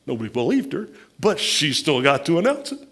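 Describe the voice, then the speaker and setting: A man's voice: on the high side, big pitch swings, brisk, fairly bright tone. A man with a Midwestern American accent, a pastor preaching a conversational sermon who acts out the people he quotes.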